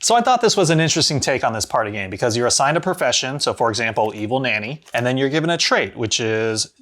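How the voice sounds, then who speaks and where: A man reviewing a party game in a casual, animated way. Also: mid-range voice, fast.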